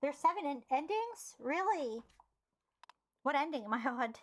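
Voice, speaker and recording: A woman's voice: high voice, big pitch swings, unhurried, dry recording. A young woman streamer reading a game's text aloud, then reacting with sarcastic, exasperated outbursts and swearing. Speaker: streamer playing a visual novel.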